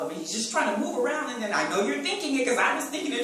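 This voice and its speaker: A woman's voice: fairly high pitch, very animated, fast talker, few pauses. A woman preaching a sermon with animation, repeating phrases and acting out sounds and quotes. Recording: echoey room from far off with faint noise.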